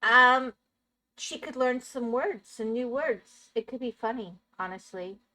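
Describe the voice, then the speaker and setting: A woman with a fairly high, bright, pushed voice speaks unhurriedly. She's a Minecraft streamer chatting casually with her viewers while gaming, laughing often.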